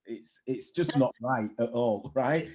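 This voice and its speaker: A man's voice: mid-range voice, slow pace. A man, a mindset coach speaking bluntly and animatedly in a casual interview. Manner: blunt, animated storytelling with swearing.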